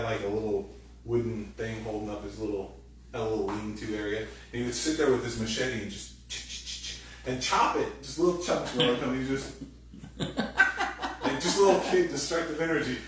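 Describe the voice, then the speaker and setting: A man's voice: mid-range voice, fairly bright tone, a little hiss or hum. A male pastor preaching a sermon in a casual, joking way, acting out quoted voices as he goes. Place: church sanctuary. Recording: roomy hall, from a distance.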